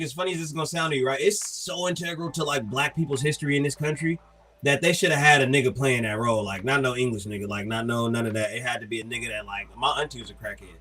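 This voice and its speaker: Fast-talking man in casual chat. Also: medium pitch. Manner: animated, acts out quoted voices. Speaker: podcast co-host.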